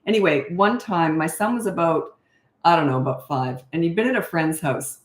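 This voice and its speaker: A woman's voice: fairly low pitch, lively intonation, normal speed. A middle-aged woman from Canada, a parenting coach, chatting casually on a live stream, laughing often and giving blunt, no-nonsense advice. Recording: echoey room.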